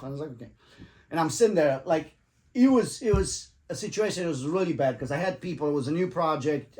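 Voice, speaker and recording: A man casually telling a funny story, swearing freely, acting out what people said and breaking into laughter. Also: a little high. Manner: animated, swears freely, acts out quotes with laughs.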